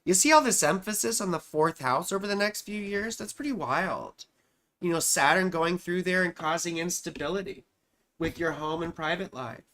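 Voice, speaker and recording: While searching for charts, a woman astrologer thinks aloud on her live stream, reading viewers' charts in a chatty, loving way and calling them sweetheart and darling. Her fairly low voice is animated and a bit bright, at a normal pace.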